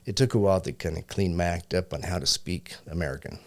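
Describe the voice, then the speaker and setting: A man's voice: deep voice, fast, darkish tone. A man who grew up in Japan, a business owner talking as a podcast guest in an easygoing, reflective way. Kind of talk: casual interview chat.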